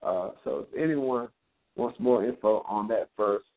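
A man's voice: medium pitch, unhurried. A man hosting a live Bible study, teaching in a preacherly way and punctuating his points with "amen.". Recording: tinny phone-line audio.

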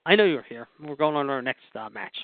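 This podcast host's voice is fairly high, animated and fast as he tells wrestling stories casually, rambling through fillers and repeated asides. It's casual storytelling about wrestling history. The recording has no room sound and comes across dry, narrow and phone-like.

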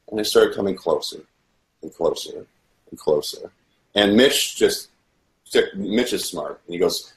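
Low-voiced man recounting an ordeal. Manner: earnest, halting, with many restarts. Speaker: guest telling his story. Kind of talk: first-person testimony. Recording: roomy echo.

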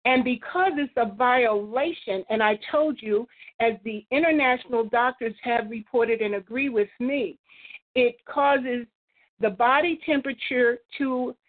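A woman calling in to a talk line, rambling and preachy, quoting scripture. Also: fairly high pitch. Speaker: caller. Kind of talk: phone-in call. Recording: phone line.

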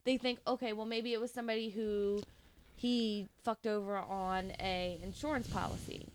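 A woman's voice: mid-range voice, steady tone, normal speed, slight background noise. A woman co-hosting a podcast, chatting casually about a true-crime case and laughing often through joking banter. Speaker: podcast co-host.

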